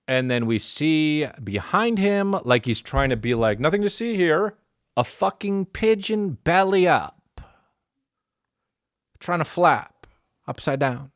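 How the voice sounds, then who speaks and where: A man in his thirties hosting a podcast, ranting through a comic story with lots of swearing and sudden jumps into silly high voices. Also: clear, resonant tone, no echo, clean studio sound. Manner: animated storytelling, profane, jumps into mock voices and high sung syllables. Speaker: podcast host. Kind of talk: comedic rant.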